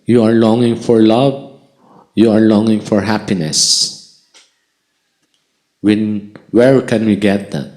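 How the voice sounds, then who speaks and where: A man delivers a devotional lecture at a slow, unhurried pace. His voice sits a little low, and he repeats key lines for emphasis. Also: steady tone, a little mellow, rough recording. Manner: slow, repeats for emphasis, mixes in Tagalog phrases. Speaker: spiritual lecturer.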